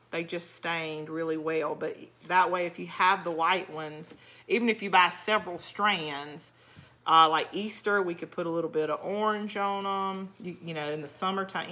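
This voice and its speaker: A woman's voice: fairly low pitch, bright, forceful tone. A middle-aged woman with a South Georgia accent, chatting casually with viewers while she crafts and answers their comments. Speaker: craft channel host. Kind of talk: casual live craft chat.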